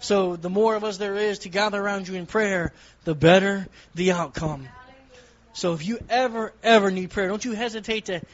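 A man's voice: high voice, moderate pace, dull audio. A man giving an earnest testimony from the pulpit with a repetitive preaching cadence. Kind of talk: sermon testimony.

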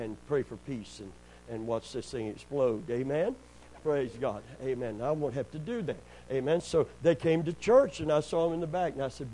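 A middle-aged pastor, preaching in a folksy storytelling way, sprinkling in amens and praise God, and rising loud and high when he gets worked up. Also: slight background noise, poor audio. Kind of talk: sermon.

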